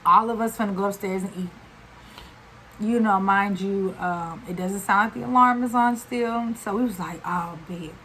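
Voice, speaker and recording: A woman tells a story to her camera at home. Her voice sits at a middle pitch, and her talk is chatty and slangy, full of fillers and run-on asides. A faint steady noise sits under the voice. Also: normal speed, low-quality recording. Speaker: vlogger. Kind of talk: casual storytime.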